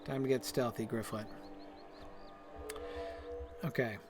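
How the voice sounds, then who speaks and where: With music in the background, a host of a game stream lectures slowly in a mid-range, fairly even voice. He meanders casually through fillers and restarts, enthusiastic and quick to laugh at himself.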